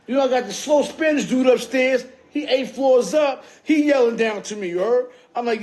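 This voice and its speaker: A man's voice: extremely high pitch, lively intonation, moderate pace, darkish tone. A man telling a story on a phone livestream, rambling and profane, and often checking in with his listeners. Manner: profane, streetwise, keeps checking in with "you heard?".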